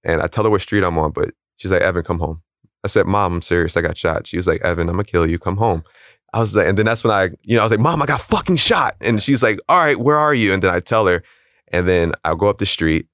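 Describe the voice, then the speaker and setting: A young man calmly and plainly recounting a personal story in a casual interview. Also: low-pitched, quick pace, no room sound, clean studio sound. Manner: calm, matter-of-fact, chuckles at odd details.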